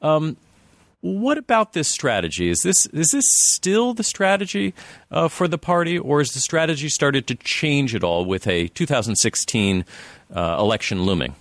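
A man hosting an interview, asking long questions with halting restarts and fillers. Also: fairly high pitch, animated, dry recording, studio quality. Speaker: podcast interviewer.

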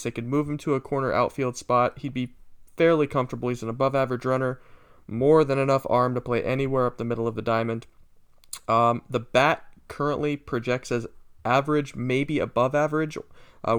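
Man, draft analyst, smooth resonant voice, thorough scouting talk with filler ums. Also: medium pitch, a bit bright. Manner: detailed scouting breakdowns with frequent ums. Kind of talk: casual podcast chat.

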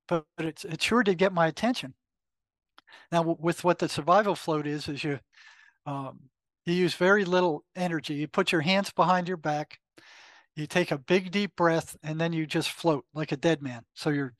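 A man's voice: fairly high pitch, dry recording. An older man, a retired psychotherapist, telling a personal story as an interview guest, acting out the lines of an inner voice with many fillers and restarts. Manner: animated retelling with quoted inner dialogue, frequent fillers. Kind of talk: conversational storytelling.

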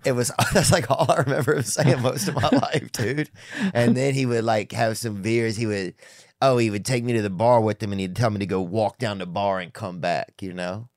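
A man with a fairly low voice who rambles through stories, swearing freely. He talks loosely and casually. The sound is dry and close. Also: fairly even intonation, normal speed, no echo. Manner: rambling, profane storytelling. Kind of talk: casual chat.

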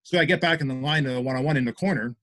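A man's voice: medium pitch, racing, dry recording. A man, a podcast guest and former hockey player, animatedly telling stories and acting out quotes. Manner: animated storyteller, acts out quotes, many fillers. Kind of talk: casual chat.

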